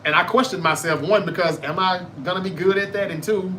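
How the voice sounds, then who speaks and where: A man's voice: high-pitched, steady tone, fairly quick, pushed and bright, slight background noise. A man from North Mississippi with a Southern Mississippi accent, hosting a casual live sports podcast, reading chat comments aloud and answering them in a loose, chatty way. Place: home in Memphis, Tennessee.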